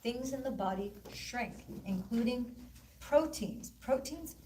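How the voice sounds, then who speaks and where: A woman presenting at a live wellness event, telling a story to an audience in an animated way and acting out the voices of the people she quotes. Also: a little high, slow pace, a little hiss or hum. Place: event room. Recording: echoey room, voice from far off.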